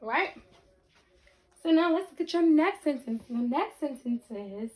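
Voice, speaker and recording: A woman teaching a reading lesson to children, speaking slowly and deliberately, breaking words into syllables and checking in with the class. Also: sits high, lively intonation, darkish tone. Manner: repeats sentences and checks in with the class.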